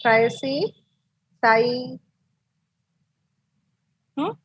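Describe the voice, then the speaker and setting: A woman's voice: high voice, very slow, a bit bright, husky, poor audio. A woman with an Indian English accent teaching an online English class, encouraging and explaining step by step with many fillers.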